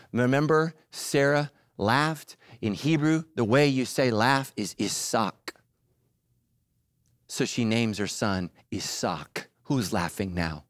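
A male pastor preaching a sermon in an animated, emphatic way, mixing jokes with serious points. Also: mid-range voice, dry recording, studio quality.

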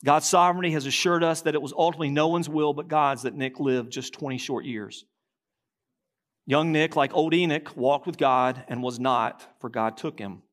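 A man preaching a sermon as pastor, reading quotations aloud, slowing and dropping low at key lines. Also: fairly bright tone.

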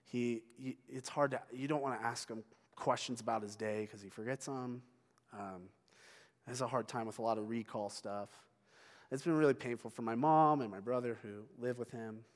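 A middle-aged man preaching a sermon as pastor, telling a personal story with halting restarts and sounding tearful. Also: mid-range voice. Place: church sanctuary. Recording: long hall reverb.

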